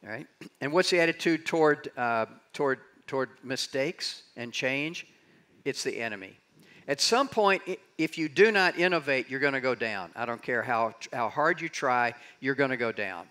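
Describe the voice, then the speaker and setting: An older man giving a conference keynote, telling stories and acting out quotes with big swings in his voice. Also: moderate pace. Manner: animated storyteller, acts out quotes with big jumps in pitch. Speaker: conference speaker. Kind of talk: keynote talk on leading change. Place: conference stage in a large hall.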